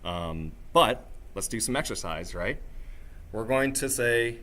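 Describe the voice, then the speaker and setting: A man runs a live workshop in a middle-pitched voice, drawing on his singing background to coach the room. He is energetic and coaxing, and he keeps checking in with short "right?" and "okay?" prompts. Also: slow. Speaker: workshop presenter.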